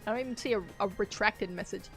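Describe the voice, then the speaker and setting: Over faint background music, a woman with a medium-pitched, fairly bright voice chats quickly on a game live stream. It's casual and rambling, punctuated by frequent laughter and spoken reactions to the game.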